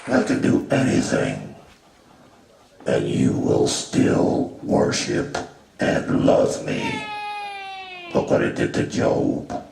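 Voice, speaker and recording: In a stand-up bit, a man plays a crude, swaggering god who callously mocks his worshippers, using an exaggerated, extremely low, gravelly voice that is a little mellow. His pitch swoops wildly, he speaks slowly, and he leaves long pauses. The sound is distant and roomy, from a live venue full of audience noise.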